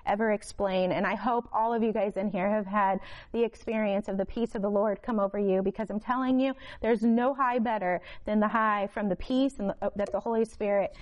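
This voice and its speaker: A woman from Florida giving a spoken faith testimony to a congregation, emotional and halting, with many fillers and restarts. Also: medium pitch, fairly even intonation, poor audio. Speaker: testimony speaker.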